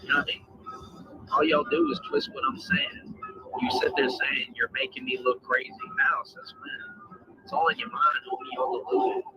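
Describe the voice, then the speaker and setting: A man's voice: extremely high pitch, huge pitch swings, normal speed. A man delivering a confrontational, profane rant, taunting and repeating his challenges. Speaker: ranting video poster. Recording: lo-fi clip under loud music.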